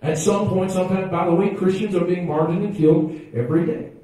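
A man preaches to his congregation, his voice running high and mellow. He goes from quiet asides to loud exclamations and has the crowd answer him back. He sounds far from the mic, with heavy echo off the church walls. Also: steady tone, a little fast. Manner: preaching with call-and-response to the congregation. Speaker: pastor. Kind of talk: sermon. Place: church sanctuary.

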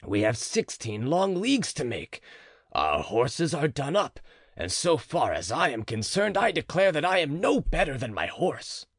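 A man's voice: a little high, wildly swooping pitch, a little slow, dry recording, clean studio sound, voice pushed up, full character voice. A man voicing a portly, worn-out provost who speaks in a heavy, formal and polite way. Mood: weary. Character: portly, worn-out middle-aged male provost.

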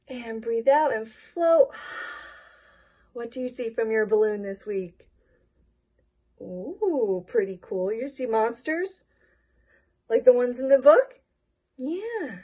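A woman leading young children through yoga stretches and songs, gentle and encouraging, praising them often. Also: on the high side, breathy edge. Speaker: children's storytime yoga instructor.

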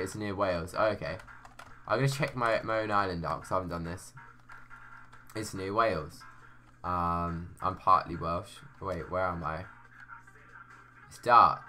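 A man's voice: lowish voice, sharp tone, a little hiss or hum. Chatty young male game streamer. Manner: chatty, reads viewer chat aloud and answers it. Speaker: live streamer. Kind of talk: casual gaming live stream chat.

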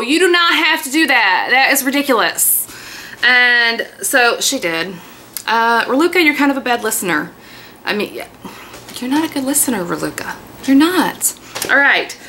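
Woman in her thirties, beauty vlogger, chatty and gushing, bright voice, slightly high pitch. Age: 30s. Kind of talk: casual haul video chat.

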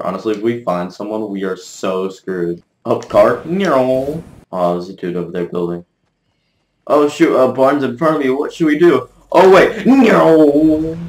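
A man giving live gameplay commentary as a gaming video creator, excitable, cursing mildly and trash-talking his opponents. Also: sits low. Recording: roomy echo.

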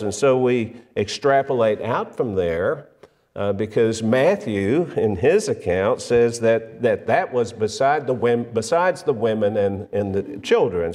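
A man delivers a sermon at an unhurried, deliberate pace, his voice sitting a little low. He leans on key words for emphasis and often backs up to restart a phrase. The sound carries the long reverb of a church hall. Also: darkish tone. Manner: measured, emphatic, with frequent fillers and restarts. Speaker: preacher. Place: church sanctuary.

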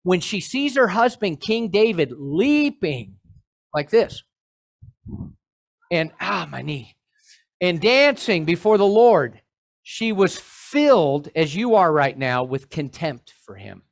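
A male pastor preaching a sermon in an animated way, with joking asides to his congregation. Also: high-pitched, slow pace, vocal fry.

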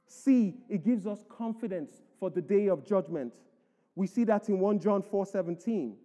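A male pastor preaches with emphasis, his voice high-pitched yet mellow and dark in tone. He reads scripture aloud and presses each point home. The sound carries the long echo of a church hall. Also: expressive, moderate pace. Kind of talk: sermon.

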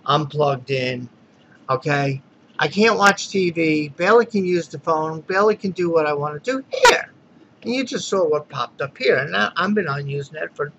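A man's voice: on the high side, fairly bright tone. A man venting in an irritated, exasperated rant as a dissatisfied customer in a complaint video. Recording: dull lo-fi recording with faint noise.

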